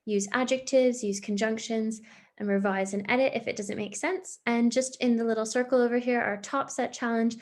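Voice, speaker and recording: A woman's voice: fairly high pitch, creaky. A woman, a primary school teacher giving a recorded online lesson to young children, patient and encouraging as she explains step by step.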